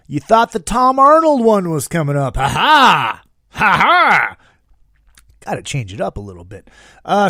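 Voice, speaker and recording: A man hosting a casual podcast, talking in a profane, excitable, jokey way. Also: on the high side, dry recording, studio quality. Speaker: podcast host.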